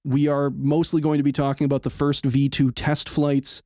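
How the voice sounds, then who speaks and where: A man's voice: medium pitch, flat delivery, normal speed, darkish tone, dry recording, studio quality. A man hosting a podcast in casual chat, blunt and rambling, swearing freely. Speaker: podcast host.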